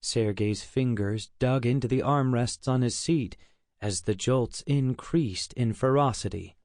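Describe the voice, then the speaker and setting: A male audiobook narrator reads in a steady, measured way, with a voice of ordinary pitch for a man. He is recorded on a close studio mic, and the sound is dry with no room echo.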